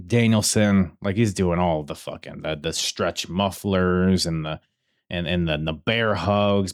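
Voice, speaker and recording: A man hosting a casual wrestling review podcast, talking excitedly, laughing and swearing as he tells the story. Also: lowish voice. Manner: excitable, swears freely, laughs while telling. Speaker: podcast host.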